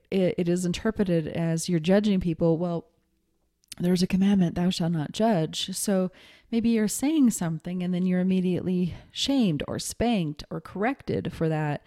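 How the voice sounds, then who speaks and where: Mellow, low-voiced woman teaching casually. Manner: conversational, laughs often, many fillers. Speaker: psychic teacher.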